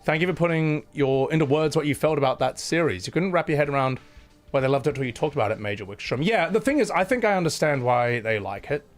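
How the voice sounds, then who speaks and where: A man's voice: fairly high pitch, expressive, fast, soft background music. A man with a Scottish accent chatting casually on a live stream, blunt and sweary, thanking viewers between rants. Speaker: livestreamer.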